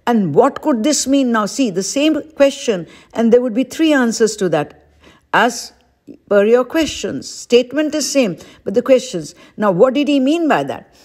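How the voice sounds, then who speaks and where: A woman's voice: on the high side, big pitch swings, moderate pace, darkish tone. A woman teacher giving an exam-prep lesson, patiently repeating each question aloud as she explains it. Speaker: English teacher.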